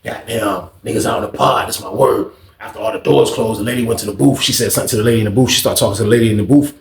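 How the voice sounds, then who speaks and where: A man telling a prison story in casual, animated slang full of swearing. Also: fairly low pitch, racing, reverberant, a little hiss or hum.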